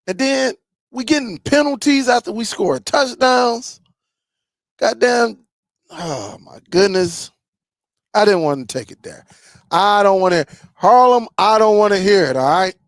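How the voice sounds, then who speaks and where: Grumbling high-voiced man ranting to camera. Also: vocal fry, no echo, clean studio sound. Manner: animated, repeats himself, grumbling football rant. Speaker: tech channel host. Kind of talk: casual ranting to viewers.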